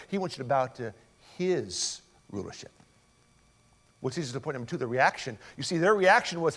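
A male pastor preaching an expository sermon, emphatic and asking rhetorical questions. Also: fairly high pitch.

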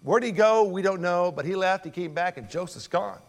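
A man preaching a sermon and retelling a story with lively, dramatic delivery. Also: sits high, normal speed. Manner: dramatic storytelling that acts out voices.

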